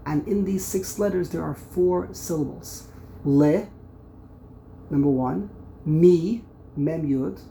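Guy giving a torah class, gravelly voice, keeps repeating words as he thinks, punches out syllables, bit of faint room noise. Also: fairly high pitch, normal speed, hardly any pauses, rough recording. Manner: thinks aloud, repeats words while explaining; sounds out syllables with sudden loud stress. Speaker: Torah teacher. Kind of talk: Bible lesson explaining commentaries.

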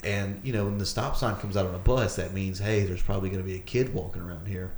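A man's voice: low voice, fairly even intonation, darkish tone, slight background noise. A man co-hosting a podcast, telling rambling stories in casual chat and laughing along. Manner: rambling, halting storytelling with restarts and laughs. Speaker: podcast co-host. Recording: echoey room.

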